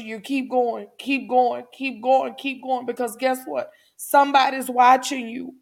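Gravelly-voiced passionate woman podcaster. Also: high voice. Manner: passionate, preacherly, repeats phrases for emphasis. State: tearful, emotional. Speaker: podcast host. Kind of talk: emotional livestream talk to viewers. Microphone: camera livestream.

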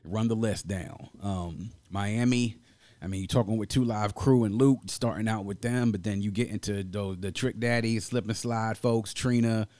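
A man's voice: fairly low pitch, normal speed, no echo. Chatty D.C. man in a dry room. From Washington, D.C. area. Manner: animated, laughs often, talks at length. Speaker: podcast co-host. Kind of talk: casual chat.

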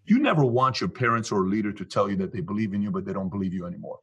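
Speaking at a racing pace with lively intonation, this Iranian business leader tells stories as an interview guest, playing both parts of old conversations. His voice is lowish, husky, and a bit bright.

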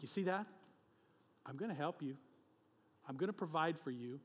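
A male pastor preaching a sermon with emphatic, animated delivery, often chuckling between points. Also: fairly high pitch, normal speed, long pauses, husky, in a large hall.

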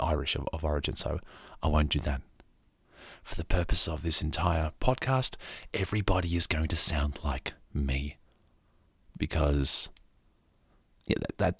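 Australian man, calm story narrator, soft and rambling, deep, dry close sound. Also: breathy edge, no room sound. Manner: soft-spoken, rambling asides. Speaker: podcast narrator.

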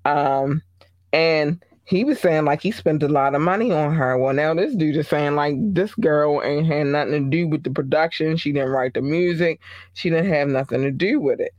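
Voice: mid-range voice, normal speed, dry recording, muffled recording. Chatty host rambling thru gossip w slang and lots of fillers, dry close sound. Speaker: podcast host. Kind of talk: casual celebrity gossip commentary.

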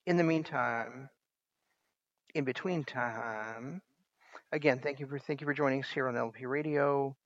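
A man's voice: medium pitch, moderate pace, pauses often, dry recording. A man hosting a casual radio show, talking in a rambling way with frequent restarts. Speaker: host. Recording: dry, slightly dull lo-fi sound.

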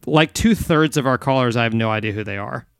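A man's voice: medium pitch, a little fast, creaky, a bit bright, smooth, no echo, studio quality. A man hosting a podcast in casual chat, rambling with frequent restarts. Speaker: podcast host.

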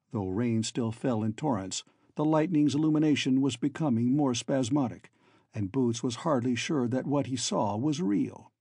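Gravelly, dark-voiced male audiobook narrator. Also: medium pitch, no echo, studio quality. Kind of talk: scripted narration.

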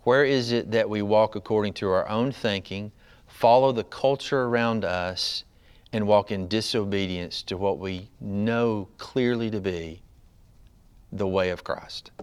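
A man preaching a sermon as a pastor, conversational and often asking the congregation "right?", building to loud, high emphasis. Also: measured pace, smooth.

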